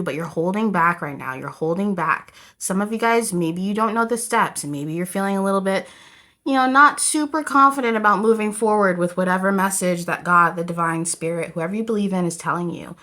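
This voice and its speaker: A woman with a bright, clear voice talks casually to camera through a tarot spread. Her delivery is loose and rambling, and she keeps turning to her viewers as a group. She sits close to the camera mic. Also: medium pitch. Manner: chatty, rambling, addresses viewers as "you guys". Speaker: tarot reader.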